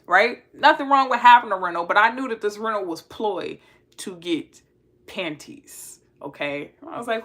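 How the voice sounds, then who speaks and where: A woman's voice: mid-range voice, normal speed, a bit bright. A young woman with a son, telling a dating story in casual slang and laughing often.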